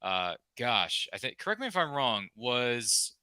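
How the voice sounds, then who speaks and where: A podcast host with a low-ish but very bright, crisp voice, recorded close and dry. He chats casually with a guest, enthusiastic and folksy, wandering around his points. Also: big pitch swings, a little slow, no echo. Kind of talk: casual interview chat.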